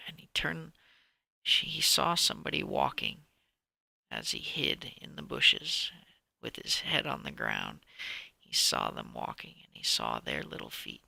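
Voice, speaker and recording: A man telling a children's story out loud, animated, sometimes dropping to a whisper and restarting sentences. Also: mid-range voice, creaky, dry recording. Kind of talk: improvised bedtime story reading.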